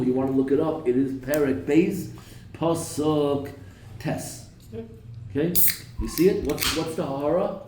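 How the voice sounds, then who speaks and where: Man teaching a Torah class, mellow voice in an echoey room. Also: fairly high pitch, recorded from a distance. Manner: questions the class, quotes verses in Hebrew then translates; slips in jokes. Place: classroom with a live audience. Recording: echoey room with faint noise.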